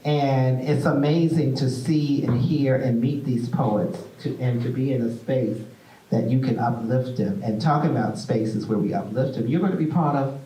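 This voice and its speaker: A man hosting a stage interview, playful and animated as he tells stories. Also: mid-range voice, normal speed, distant mic. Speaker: host. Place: theater stage. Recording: echoey room, mic from afar.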